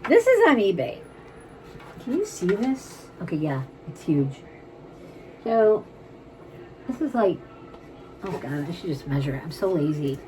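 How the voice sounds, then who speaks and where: A woman's voice: on the low side, big pitch swings, a little slow, pauses often, a little mellow, a little hiss or hum, poor audio. A woman casually chatting as she shows and prices jewelry for sale at home, rambling and full of "like". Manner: chatty, rambling, says "like" a lot. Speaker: jewelry seller. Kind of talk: casual live sales chat. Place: home room crowded with items.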